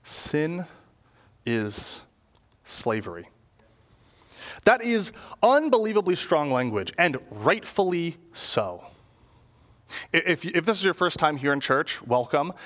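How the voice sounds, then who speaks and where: A young adult man preaching a sermon in church, casual and animated, using slang and frequent rhetorical questions. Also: fairly high pitch, a little slow. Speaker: pastor.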